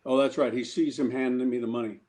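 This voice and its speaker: A man's voice: medium pitch, fast. A male guest actor telling a casual, funny anecdote, stammering now and then and acting out what other people said. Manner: animated storyteller who acts out other people's lines.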